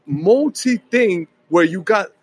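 Husky, high-voiced New man. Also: rough recording. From New York City. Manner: animated, rapid storytelling with Spanish slipped in. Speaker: guest musician. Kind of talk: casual podcast chat.

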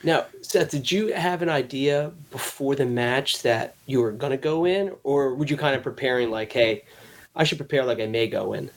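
A man's voice: mid-range voice, moderate pace. A man co-hosting a live rugby show, joking and diplomatic. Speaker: co-host. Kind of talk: casual live show chat.

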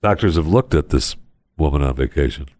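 A man hosting a casual comedy podcast, telling odd news stories in a rambling, deadpan way with lots of pauses. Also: very deep voice, no echo, studio quality. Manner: rambling storyteller, many uh fillers, deadpan. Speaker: podcast host.

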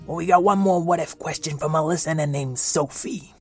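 Gentle, earnest man hosting for kids. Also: a little high, fairly quick, soft background music. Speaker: host and storyteller of a kids' podcast. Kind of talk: scripted narration for children.

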